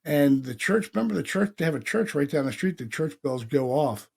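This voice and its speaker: A man from Pennsylvania hosting a podcast, telling stories in a casual, animated way, acting out quotes and swearing freely. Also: fairly high pitch, brisk, creaky, husky. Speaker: paranormal podcast host. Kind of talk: casual storytelling chat.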